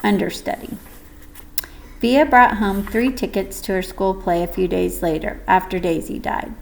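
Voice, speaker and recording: A woman reading a first-person audiobook story in a gentle, measured way. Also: medium pitch, steady tone, creaky, rough recording. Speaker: audiobook narrator.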